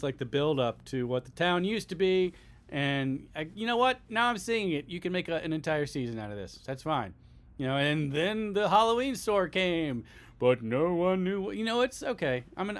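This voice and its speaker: High-voiced man riffing dryly. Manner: dry, talks himself into ideas. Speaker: comedy podcast regular. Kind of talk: improvised comedy riffing.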